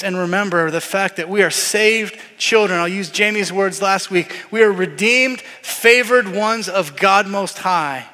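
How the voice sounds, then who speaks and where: High voiced guy preaching, acts out the voices, big echoey church. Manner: animated storytelling, acts out voices. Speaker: pastor. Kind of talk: sermon.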